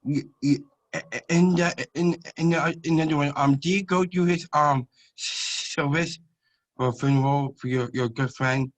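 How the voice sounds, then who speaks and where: A man's voice: a little high, fairly even intonation, measured pace, rough recording. A male student interviewer asking questions hesitantly, stammering and restarting often.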